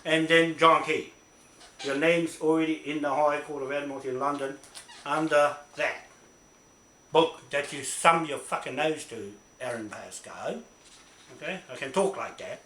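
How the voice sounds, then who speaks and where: A man delivers a furious, profane rant, circling back on his points and demanding "right?" again and again. His voice sits a little high and sounds sharp and forceful. The room echoes around him, with faint noise underneath. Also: a little slow. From New Zealand. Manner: angry, profane, repetitive, keeps asking "right?". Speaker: self-recorded complainant. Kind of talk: ranting self-made video.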